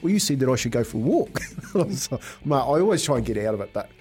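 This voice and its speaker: A man's voice: medium pitch, fast, slightly rough. A man with a New Zealand accent, a radio co-host, telling a funny story and laughing as he goes. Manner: laughing, animated anecdote. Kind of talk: storytelling banter.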